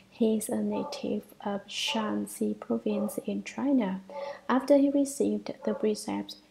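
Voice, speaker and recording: A woman reading a Buddhist sutra commentary aloud in a measured way, at times half-whispered, with small restarts. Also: mid-range voice, vocal fry, noisy background.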